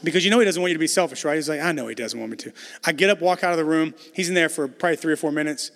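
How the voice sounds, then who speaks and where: A man in his thirties preaching a sermon as a pastor, animated and acting out dialogue as he tells stories. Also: on the high side, racing. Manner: animated storytelling, acts out dialogue. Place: church sanctuary. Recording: long hall reverb in a church.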